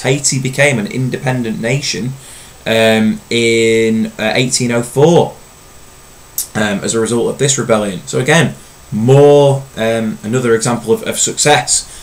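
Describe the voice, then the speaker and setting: A man teaching a recorded history lesson in a relaxed, conversational way, with frequent ums and uhs. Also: medium pitch, rough recording.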